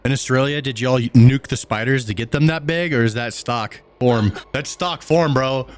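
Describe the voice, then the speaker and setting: A man's voice: mid-range voice, moderate pace. Laid-back man chatting on a live stream. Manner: laid-back, chuckling, talks to chat. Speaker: streamer reading chat. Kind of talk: casual live-stream chat.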